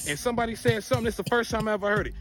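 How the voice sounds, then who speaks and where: A man telling a profane, animated story time and acting out the people in it. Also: high-pitched, rapid-fire, faint music behind. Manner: profane, animated, acts out quotes.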